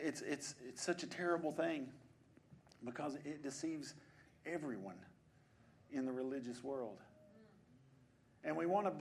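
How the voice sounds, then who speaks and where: A man's voice: on the high side, creaky, a little hiss or hum. A male preacher giving a sermon in a church, repeating phrases and asking rhetorical questions. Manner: repetitive, soft then building, rhetorical questions.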